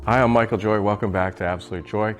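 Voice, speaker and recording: A man in his fifties, a mold maker hosting his own show, telling a business anecdote in a relaxed, wry way. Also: lowish voice, fast talker, music in the background. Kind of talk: casual business storytelling.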